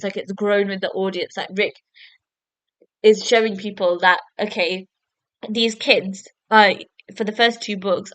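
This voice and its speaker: A young woman talks through a book review for her podcast, chatty and loose with plenty of fillers. Her voice sits at a middling pitch, and the recording is dry and close with no room sound. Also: fairly bright tone, no echo, rough recording. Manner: chatty, full of fillers like "basically" and "like". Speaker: podcast host. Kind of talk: casual book review monologue.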